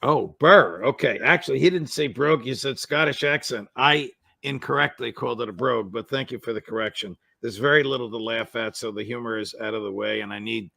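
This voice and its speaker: Gravelly-voiced male talk show host. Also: medium pitch, fairly even intonation, brisk, hardly any pauses, sharp tone, no echo. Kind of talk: interview, conversational.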